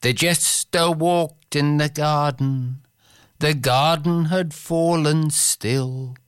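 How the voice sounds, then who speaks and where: A man reciting verse slowly and dramatically, sometimes dropping to a whisper. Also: fairly high pitch, fairly even intonation, clear, resonant tone, no room sound, studio quality. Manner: intense, declamatory, with sudden whispered passages. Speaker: poetry reciter. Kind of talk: slow dramatic poetry recitation.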